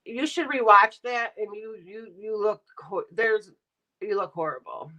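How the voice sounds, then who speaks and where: A woman's voice: medium pitch, animated, a little slow, sharp tone, poor audio. A middle-aged woman streaming live, ranting bluntly and sarcastically while talking to her chat. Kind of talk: casual livestream rant.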